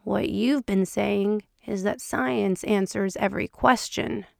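A woman voicing a teasing man who speaks in a low, even, conversational tone. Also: takes it slowly, creaky, dry recording, clean studio sound. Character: teasing wry man, an FBI agent.

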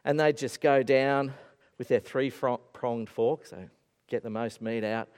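A male preacher giving an animated, storytelling sermon in a church. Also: mid-range voice, a little slow, clean tone. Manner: animated storytelling with acted-out voices. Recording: echoey hall.

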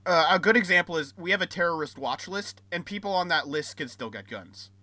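A man's voice: fairly high pitch, lively intonation, fairly quick, bright, forceful tone, no room sound. An American man in a casual podcast debate, rambling with lots of fillers and restarts. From United States. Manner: rambling, repeats himself, hesitant fillers.

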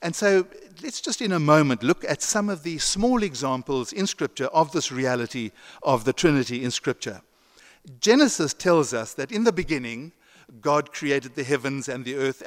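A male pastor giving a sermon in a conversational way, with chuckling asides and frequent restarts, and an English accent that is not American. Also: medium pitch. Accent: non-American English. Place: church sanctuary. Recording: long church reverb.

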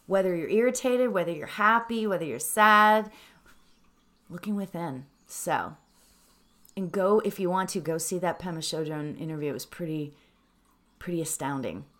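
A middle-aged woman teaching meditation, chatting with animated reflection and then guiding breathing in a calm, soft voice. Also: on the low side, normal speed. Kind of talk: casual talk leading into guided meditation.

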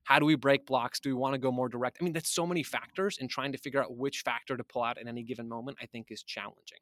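A man's voice: medium pitch, fairly even intonation, fast talker, a bit bright, no echo. Dry-voiced man analysing soccer tactics. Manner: thoughtful, speculative, restarts often. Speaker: guest analyst. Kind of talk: casual podcast analysis.

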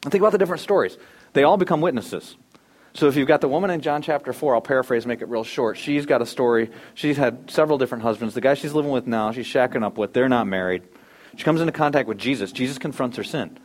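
A man preaching a sermon, emphatic and animated, often dropping suddenly to a quiet voice. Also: medium pitch, fast talker. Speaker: pastor.

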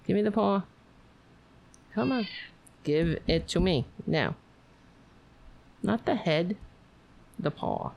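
A woman's voice: lowish voice, sing-song, slow, creaky, long pauses. Tired woman rambling on a livestream. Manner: playful, coaxing, rambling. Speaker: livestream host. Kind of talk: casual livestream chat.

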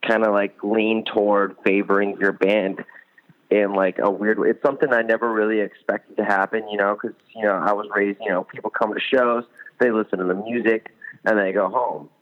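Young man, lowish voice, tinny phone line, rambling enthusiastic guest. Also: level tone, moderate pace. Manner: rambling, many fillers, enthusiastic. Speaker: band musician, guest. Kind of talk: casual interview over phone.

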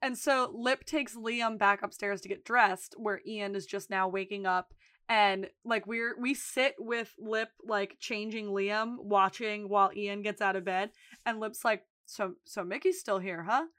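A woman's voice: mid-range voice, steady tone, a little slow, sharp tone, dry recording, clean studio sound. A woman co-hosting a podcast, animatedly retelling a TV episode and acting out the characters' lines in casual chat. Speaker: podcast co-host.

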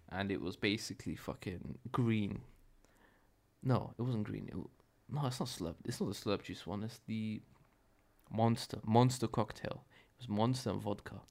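A man's voice: fairly low pitch, creaky, a little mellow. A young man hosting a podcast, telling a story in a rambling, profane, self-correcting way. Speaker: podcast host. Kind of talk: casual solo podcast storytelling.

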